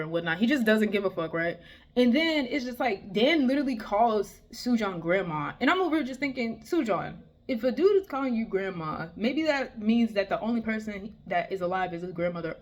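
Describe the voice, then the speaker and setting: Woman, casual ranting review, exasperated, swears a lot, heated outbursts, mid-range voice. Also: mid-range voice. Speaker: manga reviewer.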